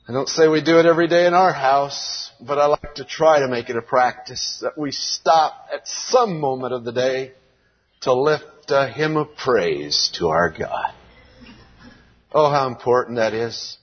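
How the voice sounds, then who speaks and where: An American man preaching a sermon to young people in a church hall, reading scripture aloud in a slow, earnest way. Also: mid-range voice, expressive, slightly rough. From United States. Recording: dull lo-fi recording with long hall reverb.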